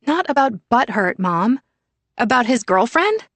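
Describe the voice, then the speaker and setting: A woman narrator voicing a sulky teenage daughter in an audiobook, pitching up to sound younger and whinier. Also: sing-song, unhurried, dry recording, exaggerated voice. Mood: petulant. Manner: whiny, higher and louder than the narration. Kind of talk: audiobook character voice.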